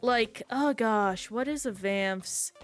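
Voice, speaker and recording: A woman streamer in casual, chatty conversation while playing a game, reacting aloud in an animated way. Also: fairly high pitch, takes it slowly, faint music behind. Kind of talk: casual gameplay chat.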